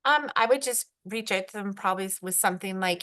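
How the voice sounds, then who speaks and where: A woman's voice: medium pitch, fast, pushed and bright. A Canadian woman chatting casually on a team video call, rambling with lots of fillers. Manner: rambling, filler-heavy, self-described introverted. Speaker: guest brand ambassador.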